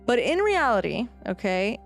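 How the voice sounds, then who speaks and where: A woman's voice: fairly high pitch, moderate pace, vocal fry. Casual: young woman hosting a history chat, does voices, laughs a lot, music faintly in the back. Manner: animated storyteller, puts on voices and laughs often. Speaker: podcast co-host.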